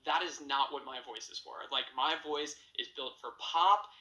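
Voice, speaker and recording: A male vocal coach with a very bright, clean and ringing voice gives a singing lesson. He explains each technique plainly and moves between talking and short sung examples. The sound is roomy, with a clear echo. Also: mid-range voice, moderate pace. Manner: explanatory, breaks into sung demonstrations.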